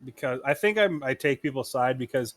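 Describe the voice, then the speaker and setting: A man's voice: medium pitch, animated, brisk, a bit bright, no echo. Laid-back man telling stories, dry sound. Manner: laid-back storytelling with casual swearing. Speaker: podcast co-host. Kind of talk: casual chat.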